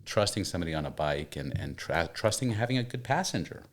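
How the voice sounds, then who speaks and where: A man with a very deep voice hosting a casual podcast chat. He talks in an easygoing, loose way, doubling up words and filling pauses with "you know.". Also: very animated. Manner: easygoing, repeats himself, many fillers. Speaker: podcast host.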